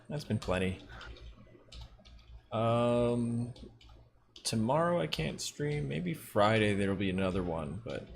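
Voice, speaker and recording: A man's voice: fairly low pitch, gravelly, slight background noise. A young man with a Long Island accent, chatting casually on his livestream and laughing easily. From Long Island, New York. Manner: laughs often, relaxed and jokey. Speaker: livestream host.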